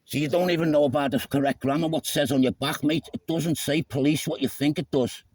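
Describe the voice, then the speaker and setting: A man filming himself in an argument with police, repeating "mate" and often shouting. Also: on the high side, fairly even intonation, a little fast, dry recording, low-quality recording. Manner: argumentative, repeats "mate" constantly, stumbles over words. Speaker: self-filming activist. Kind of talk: heated roadside argument. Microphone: handheld phone camera.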